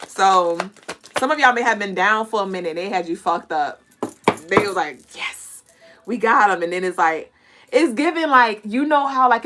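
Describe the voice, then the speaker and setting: Her mid-range voice a bit bright, a woman hosts a relaxed collective intuitive reading as a spiritual reader and podcast host. She speaks bluntly and animatedly to listeners, calling them "y'all" and "collective," with plenty of swearing and laughter.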